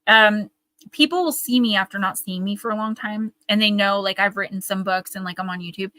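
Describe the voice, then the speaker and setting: A woman's voice: medium pitch, a little fast, bright, forceful tone, no room sound, rough recording. A woman giving a live oracle card reading, earnest and encouraging, who mimics gushing voices now and then. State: tearing up.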